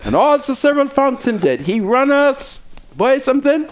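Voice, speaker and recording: A man's voice: very high-pitched, big pitch swings, normal speed, slight background noise. A Bahamian man hosting a heated political talk show, fiery and preachy, speaking in strong local dialect.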